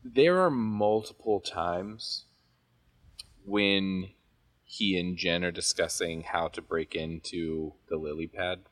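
A man co-hosting a podcast, chatting casually and telling stories with animated asides. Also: sits low, takes it slowly. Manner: chatty, animated storytelling with laughs. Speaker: podcast co-host. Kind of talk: casual chat.

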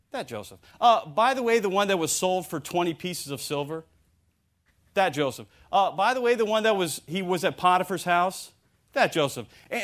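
A man preaching a sermon in an animated way, often stammering and restarting, and acting out the voices of the people he quotes. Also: sits high.

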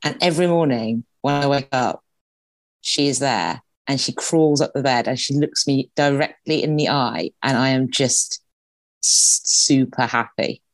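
A woman in her forties with a strikingly deep voice, opening up as a podcast guest. She tells personal stories candidly and emotionally, laughing through tears. The recording is dry and close. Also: normal speed, no echo. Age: 40s.

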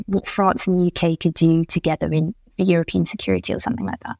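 This woman speaks at a mid-range pitch and explains things fluently as a podcast guest, acting out little snippets of other people's speech as she goes. The recording is close and dry, with no room sound. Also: gravelly, darkish tone, dry recording. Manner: articulate, explanatory, acts out quoted speakers. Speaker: think tank policy expert, guest. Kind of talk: podcast conversation.

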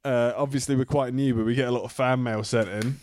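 A man's voice: mid-range voice, steady tone, fast, a little mellow, slight background noise. A male podcast co-host bantering casually with a guest, dry and playful.

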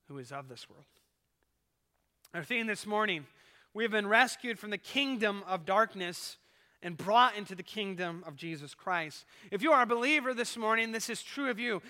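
Bright, crisp preaching man in a reverberant church. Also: high voice. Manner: preaches with rising emphasis, reads poetry dramatically. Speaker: pastor. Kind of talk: sermon. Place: church sanctuary. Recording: live church service with long hall reverb.

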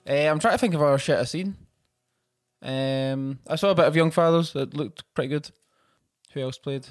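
Man with a higher voice, giggly chat. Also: moderate pace, no room sound, clean studio sound. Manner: laughs often, playful. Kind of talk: casual chat.

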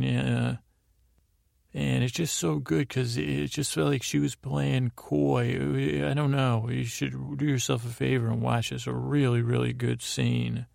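A man's voice: medium pitch, creaky, a little mellow, no room sound, clean studio sound. A man hosting a bedtime podcast, rambling through a meandering recap full of fillers and digressions. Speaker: podcast host.

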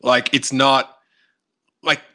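Bright-voiced man in casual chat. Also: mid-range voice. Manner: animated, quick asides and restarts.

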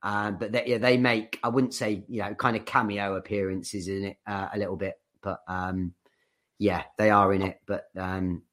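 A man's voice: on the low side, level tone, normal speed, a bit bright. A young man co-hosting a podcast, chatting loosely with lots of swearing and restarts. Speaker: podcast co-host. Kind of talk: casual chat.

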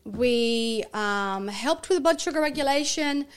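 A middle-aged woman, a naturopath and guest on an interview show, telling stories in an animated way and acting out her family's voices. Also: fairly high pitch, a little slow, clean tone. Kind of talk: casual interview chat.

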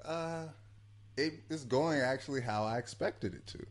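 A man's voice: mid-range voice, moderate pace. A man, a stand-up comedian, chatting casually as a podcast guest and telling loose, crude stories. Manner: loose storytelling with crude jokes.

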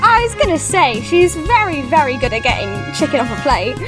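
A woman runs a tabletop game with a fairly high voice, often stopping mid-sentence to search for words and filling gaps with ums. Music plays clearly in the background. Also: sing-song, brisk. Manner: rambling, searches for words with many fillers. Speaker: game master.

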